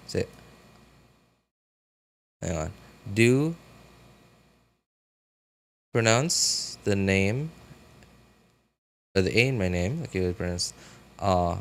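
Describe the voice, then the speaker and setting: A man's voice: deep voice, slow pace, pauses often, clean tone. Rambling young man streaming a game. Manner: rambling, filler-heavy, chats with viewers. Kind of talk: casual live-stream chat.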